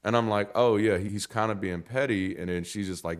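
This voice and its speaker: A man with a fairly low voice gives a conversational sermon. He is blunt and animated, swearing casually, and often restarts his sentences as he talks things through. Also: brisk. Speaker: pastor.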